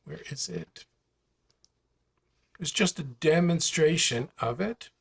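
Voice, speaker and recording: A man hosting a live call, walking through a software tool with a chatty sales manner and a string of rhetorical questions. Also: fairly high pitch, slow pace, creaky, husky. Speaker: host presenting an online tool demo. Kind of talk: casual live demonstration on a call.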